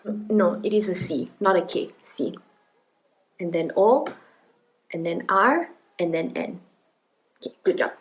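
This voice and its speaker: A woman playing a mother in a demonstration skit, gently coaching her child to sound out words step by step. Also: on the low side, animated, measured pace, pauses often, poor audio. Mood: encouraging. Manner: gently encouraging, prompting step by step. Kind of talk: acted parenting demonstration skit.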